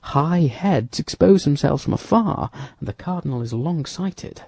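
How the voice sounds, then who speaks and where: A shrewd young musketeer gives brisk orders, read by a man. His voice is lively and husky, with a mellow tone. It sounds dry and close to the mic. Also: fairly high pitch, dry recording, pitched above the performer's own voice, heavily acted.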